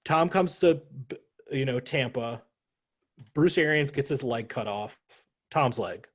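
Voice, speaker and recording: A man co-hosting a casual sports podcast, swinging between muttered asides and loud, animated rants. His talk is full of jokes and swearing, at a mid pitch. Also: a little slow. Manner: animated, profane, joking rants. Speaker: podcast co-host.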